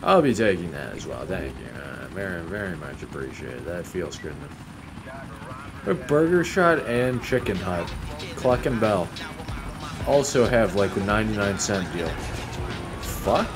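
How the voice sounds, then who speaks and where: A man's voice: low voice, sing-song, measured pace. A man giving casual gameplay commentary, sarcastic and mock-polite, swearing often as he plays. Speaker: gaming YouTuber.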